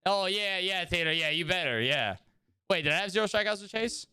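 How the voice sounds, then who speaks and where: Streaming a video game, a young man chats casually with his viewers, rambling and greeting them by name. His voice is high, fairly quick and sharp yet clean, captured in studio quality with no echo.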